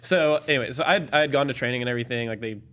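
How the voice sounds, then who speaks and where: A man's voice: mid-range voice, rapid-fire. A young man in his twenties, a podcast guest, telling a casual story full of "like" and fillers. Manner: animated, filler-heavy storytelling with lots of "like".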